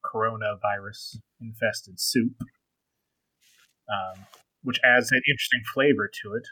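A man's voice: fairly low pitch, steady tone, measured pace, sharp tone, no room sound, rough recording. A man co-hosting a podcast in casual chat, hesitant and full of ums and trailing asides. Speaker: podcast co-host.

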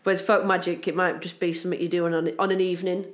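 A woman's voice: on the low side, level tone, fast. A woman from Britain co-hosting a podcast in casual, playful chat. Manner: playful, bursts into silly voices and laughter. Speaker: podcast co-host.

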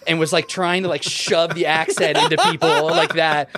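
A man guesting on a casual chat as a dungeon master, relaxed and jokey, with lots of "like" fillers. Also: a little high, normal speed.

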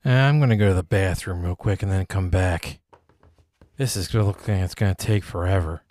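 A man's voice: low-pitched, brisk, a little mellow, a little hiss or hum, voice pushed down, close to an everyday voice. A man voicing a mild, polite fellow who mumbles and trails off.

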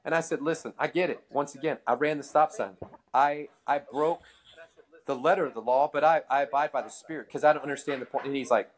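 A man in casual storytelling mode, chatting with a co-host. He laughs often and switches into quoted voices as he replays a conversation. He is relaxed and talkative. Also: mid-range voice, a little fast.

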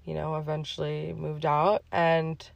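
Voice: medium pitch, monotone, a little slow, creaky, no echo. A podcast host speaking in a heartfelt, emotional personal monologue, with many fillers along the way.

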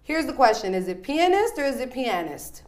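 A woman hosting a casual interview show, lively and playful, laughing often as she talks. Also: on the high side, fast. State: married. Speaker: host. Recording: echoey room.

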